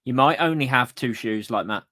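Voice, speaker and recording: A man's voice: medium pitch, a little fast, bright, forceful tone. A man co-hosting a running podcast, easygoing and agreeable, reading listener comments. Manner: easygoing, agreeable, frequent yeahs. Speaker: podcast co-host.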